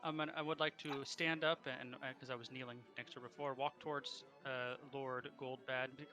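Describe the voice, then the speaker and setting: A man describing his moves as a player in a tabletop game, quick and animated. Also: mid-range voice, soft background music.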